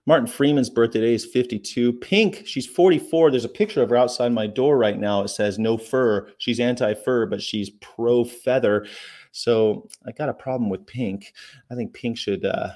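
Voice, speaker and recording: A man's voice: medium pitch, moderate pace, a little mellow. A man hosting a casual daily chat, rambling through the day's history with fillers and asides. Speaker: vegan channel host.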